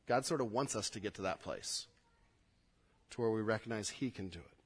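A male pastor teaching a sermon through scripture, starting over on words and swinging from emphatic to soft. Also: fairly low pitch, fairly quick, slightly rough. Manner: expository, with repeated restarts, rising emphatic then dropping quiet.

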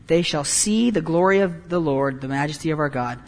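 A man preaching a sermon as pastor, animated, moving between quiet and loud passages. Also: a little high, fairly quick, long reverb tail.

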